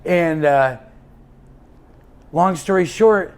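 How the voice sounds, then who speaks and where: A man's voice: a little high, drawn-out words, darkish tone, smooth. Man telling a long road story. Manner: rambling anecdotal telling with many fillers and restarts. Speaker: guest, endurance cyclist. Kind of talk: casual storytelling interview.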